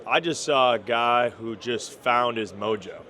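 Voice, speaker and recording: A man's voice: mid-range voice, unhurried, bright, forceful tone. A man in his thirties from Minnesota, with a Minnesota accent, answering interview questions in an easygoing, modest way with lots of ums. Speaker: NFL wide receiver, guest.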